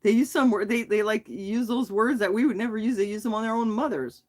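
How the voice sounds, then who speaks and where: A woman's voice: fairly high pitch, fairly quick. A middle-aged woman hosting a casual livestream, chatting in a giggly, self-deprecating way while replying to viewers. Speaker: livestream host.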